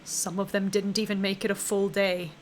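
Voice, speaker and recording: A woman voicing a shadowy, immortal, time-bending being in a visual novel, speaking in a low, hushed, solemn way. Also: flat delivery, normal speed, slight background noise, lightly acted, rough recording. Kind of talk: visual novel line reading.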